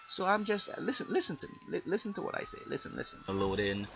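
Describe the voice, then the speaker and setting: A young man giving excitable, ranting commentary over his gameplay. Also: quick pace, creaky, hardly any pauses, dull audio. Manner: excitable ranting with big pitch swings. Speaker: gaming video creator. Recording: noisy background.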